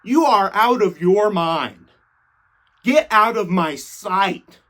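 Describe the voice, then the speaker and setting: A man voicing an exasperated Jesus who rants and swears in loud disbelief. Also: mid-range voice, lively intonation, quick pace, close to an everyday voice. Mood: scornful rant. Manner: loud incredulous ranting, swearing. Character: exasperated Jesus, young man, scornful and fed up.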